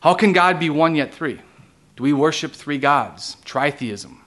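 A pastor delivers a sermon in a slightly high, expressive, somewhat bright voice at a measured pace. He teaches theological ideas, explaining the terms, and keeps putting rhetorical questions to his congregation one after another.

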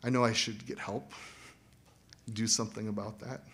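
A man preaching a sermon as pastor, animated and acting out quoted voices. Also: lowish voice, moderate pace.

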